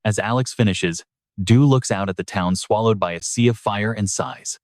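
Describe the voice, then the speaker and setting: A man's voice: lowish voice, normal speed, no room sound, studio quality. A man narrating a story recap in a dramatic, scripted storytelling manner. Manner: dramatic storytelling with brief voiced quotes.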